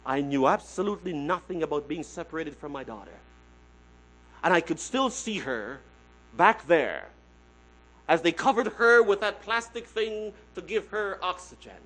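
Preacher: a man with a notably high voice, drops to a hush then swells loud, repeats key phrases. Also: animated, moderate pace, low-quality recording. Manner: swings from hushed to loud, repeats phrases for emphasis; addresses listeners as "my friends". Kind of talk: sermon.

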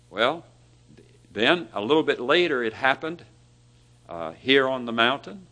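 A man preaching a sermon, asking his listeners questions, lifting his voice for emphasis and letting phrase ends fall very soft. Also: mid-range voice, moderate pace. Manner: dynamic, rising for emphasis and dropping to near-whispers at phrase ends; asks the listeners rhetorical questions.

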